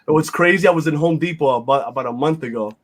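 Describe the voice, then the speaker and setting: A man's voice: on the high side, animated, brisk, a bit bright, breathy edge. A man, hosting a casual podcast chat in a blunt, rambling, profane way with lots of fillers. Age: 50s. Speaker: podcast host.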